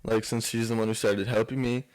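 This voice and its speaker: Young male guest, relaxed rambling storyteller, casual. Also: fairly low pitch, fairly quick, rough recording. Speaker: podcast guest, clothing designer. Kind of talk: casual chat.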